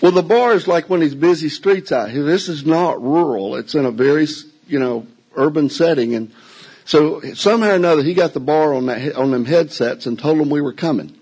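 An older man with a drawl spins a story for a live audience indoors. His voice is husky and a little worn. He tells it in a folksy, self-mocking way. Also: on the high side, brisk, a little mellow, low-quality recording.

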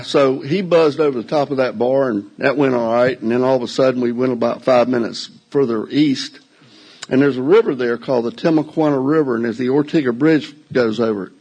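An older man with a drawl spins a story for a live audience indoors. His voice is husky and a little worn. He tells it in a folksy, self-mocking way. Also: mid-range voice, steady tone, fairly quick, a little mellow, rough recording.

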